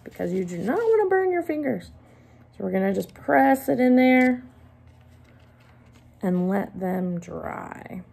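A woman teacher giving a gentle, hands-on craft lesson for young children while she demonstrates each step. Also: medium pitch, gravelly, breathy edge.

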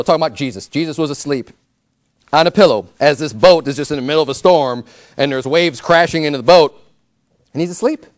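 High-voiced man preaching a sermon. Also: brisk, long pauses, no echo, studio quality. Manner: conversational, emphatic preaching with many repeated words. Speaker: pastor.

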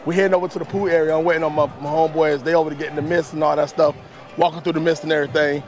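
A man with a hoarse, worn-out voice chatting casually to his viewers, with loose, slangy talk that repeats itself. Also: fairly high pitch, little pitch movement, racing. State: hoarse, voice mostly gone. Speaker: vlogger. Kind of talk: casual travel vlog talk. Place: outdoors at a cruise port and ship pool area. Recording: music playing loudly behind.

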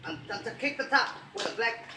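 A man's voice: extremely high pitch, animated, brisk. A man chatting casually from behind the camera and giving short directions. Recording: distant, echoey, noisy.

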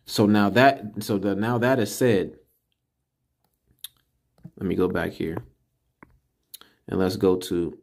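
Brief: low, gravelly male teacher, unhurried, drills syllables over and over in a casual screen-recorded lesson. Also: fairly even intonation. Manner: slow, repeats syllables to drill them. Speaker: religious teacher. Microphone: computer mic while screen recording.

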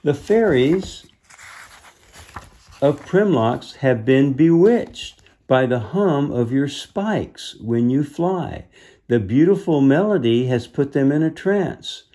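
A man voicing a calm, wise male character in a storybook, explaining things in a measured way. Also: mid-range voice, voice pushed up. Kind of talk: storybook read-aloud.

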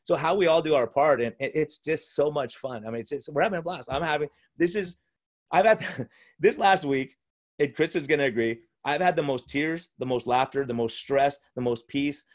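A man's voice: fairly high pitch, moderate pace. A male physician and podcast host in casual conversation at home, enthusiastic and rambling, often restarting his sentences. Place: room at home.

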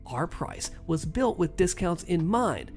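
Story narrator, sardonic, lively pitch swings, faint music bed. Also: slow. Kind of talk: first-person story narration.

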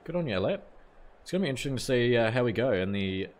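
A man's voice: mid-range voice, sing-song, very fast. Chatty New Zealand man streaming. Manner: casual, chatty, reads out chat messages, mild swearing. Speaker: gaming streamer. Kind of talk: live gameplay commentary, chatting with viewers.

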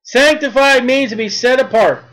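A man with a very high voice delivers a sermon. He reads verses slowly and deliberately, then presses his points with emphasis. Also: fairly bright tone, rough recording. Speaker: preacher.

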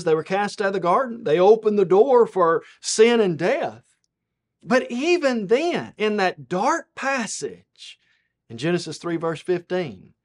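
A man preaching a televised Bible lesson, rising to emphatic peaks and then dropping low and soft, quoting scripture in a measured cadence.

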